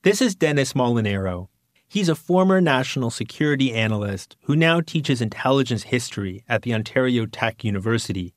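A male reporter narrating a news story in a measured, scripted way. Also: mid-range voice, lively intonation, no room sound, clean studio sound.

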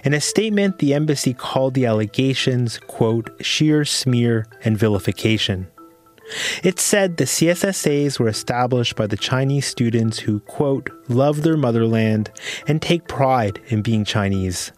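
A male reporter narrating a news story in a measured, scripted way. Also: mid-range voice, animated, darkish tone, faint music behind.

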